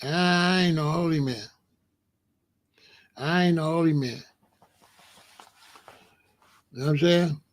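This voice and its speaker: Blunt, high-voiced man in his sixties. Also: normal speed. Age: 60s. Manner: blunt, emphatic, repeats himself. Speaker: host. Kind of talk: casual livestream talk answering chat.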